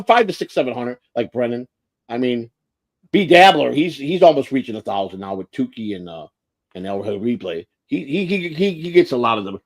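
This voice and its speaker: Brief: American man hosting a livestream, lively pitch, dry close sound, profane and rambling. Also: no echo. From United States. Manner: rambling, blunt, swears freely, stumbles and restarts. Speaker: livestream host. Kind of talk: casual livestream chat.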